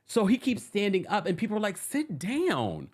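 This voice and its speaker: A host giving casual pop culture news commentary in a dramatic, animated way, laughing often. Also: mid-range voice, fast talker.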